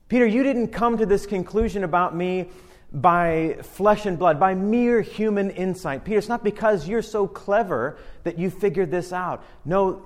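Pastor, male, fairly high voice, emphatic sermon delivery, long hall reverb. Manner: emphatic, swings between loud declarations and quiet low phrases.

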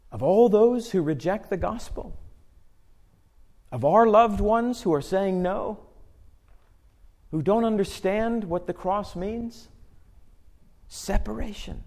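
A male pastor with a notably high voice preaches with earnest conviction. He slows down to read scripture aloud and builds intensity as he drives his points home. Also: dark tone. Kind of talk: sermon.

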